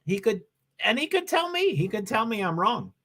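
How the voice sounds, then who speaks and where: A man's voice: high-pitched, big pitch swings, moderate pace, fairly bright tone. A man hosting a live stream, giving casual commentary on a race and chatting with viewers in a rambling, self-interrupting way. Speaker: livestream host.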